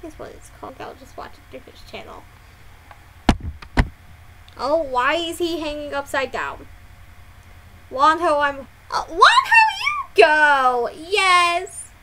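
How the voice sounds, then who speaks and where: High, animated young-sounding woman reacting. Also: takes it slowly, long pauses, noisy background. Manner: excitable, loud dramatic exclamations, swears often. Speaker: music reaction YouTuber. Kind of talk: casual reaction vlog.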